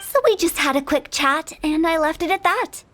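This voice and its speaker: A woman's voice: extremely high pitch, lively intonation, normal speed, a bit bright. A woman voicing a playful, mischievous young funeral director with cheeky sales patter, over game music. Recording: game soundtrack playing under voice.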